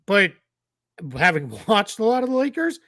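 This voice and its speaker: A man's voice: high voice, very animated, moderate pace, fairly bright tone, no room sound, studio quality. A man in his forties, co-hosting a sports podcast in a chatty, jokey, rambling way. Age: 40s. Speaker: podcast co-host. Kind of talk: casual sports chat.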